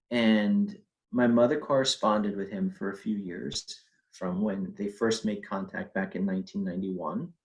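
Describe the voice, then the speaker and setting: Man, middle-aged, lowish pitch, personal storytelling, conversational, fillers. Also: low-quality recording. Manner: conversational, with fillers and acted quotes.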